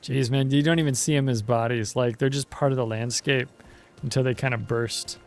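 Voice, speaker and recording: A man chatting casually over his gameplay, relaxed and talkative with plenty of offhand asides. His voice is mid-pitched with a noticeably gravelly fry. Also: normal speed, faint music behind. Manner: laid-back, chatty, says dude and jeez. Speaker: let's play host.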